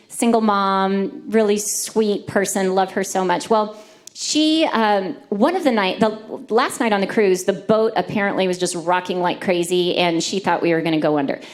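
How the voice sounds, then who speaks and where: A woman preaching at a church service, telling personal stories in a lively, conversational way. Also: medium pitch. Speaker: church speaker. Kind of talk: sermon with personal storytelling.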